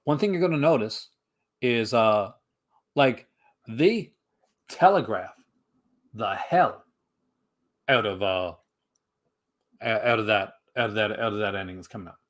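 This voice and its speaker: A man's voice: lowish voice, expressive, a little slow, pauses often. A man hosting a casual livestream, answering his chat in a rambling way full of fillers and restarts. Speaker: livestream host.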